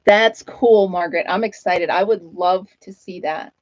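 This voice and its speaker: A woman's voice: lowish voice, normal speed, dry recording, highs cut off. A woman hosting a casual live-stream chat, talking in a chatty, self-deprecating way and laughing often.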